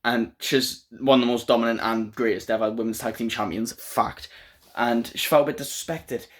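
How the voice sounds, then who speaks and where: A man in the middle of a pitched voice, talking through a show recap in a loose, unscripted way. He is strongly opinionated and given to ranting, and he fills his sentences with "um" and "like". The tone stays casual rather than polished. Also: fairly even intonation, a little fast. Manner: opinionated, ranting, with frequent fillers. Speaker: wrestling show reviewer. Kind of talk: casual spoken review.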